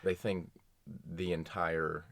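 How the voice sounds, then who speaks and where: A young man with a deep voice tells stories and teases his friend in relaxed podcast banter, jumping in with quick asides. The recording is dry and close. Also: creaky, dry recording. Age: young adult. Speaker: podcast co-host. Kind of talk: casual chat.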